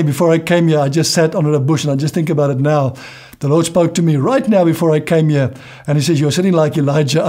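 Lively high-voiced male preacher. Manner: reads scripture aloud, warm laughs, says hallelujah. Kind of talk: sermon.

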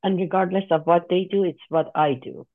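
A woman's voice: lowish voice, steady tone, fairly quick, dry recording. Woman student on a tinny line. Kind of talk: asking a question in class.

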